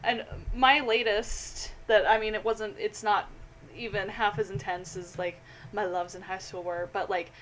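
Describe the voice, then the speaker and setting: A woman's voice: mid-range voice, steady tone, unhurried, fairly bright tone. A young woman with a mid-range voice chats on a podcast, giggly and gushing, her talk full of fillers. Faint background noise runs under the lo-fi audio. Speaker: podcast co-host. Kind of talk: casual chat.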